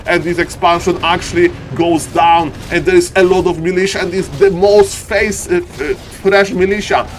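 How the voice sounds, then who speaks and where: A man's voice: fairly high pitch, a little hiss or hum. A man casting a live strategy-game match as an esports streamer, hyped and playful, with showman patter and rambling asides. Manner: hyped, showman patter, keeps saying "ladies and gentlemen".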